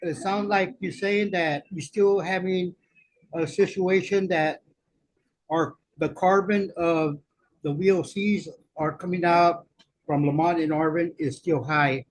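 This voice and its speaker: A man's voice: high-pitched, steady tone, a little slow, rough recording. A man from the community asking a question at a public meeting, rambling and searching for his words.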